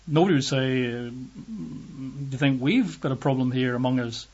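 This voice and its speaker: Husky-voiced man preaching conversationally. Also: mid-range voice, unhurried, darkish tone. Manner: conversational, emphatic preaching with asides. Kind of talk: sermon with scripture reading. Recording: dull lo-fi recording.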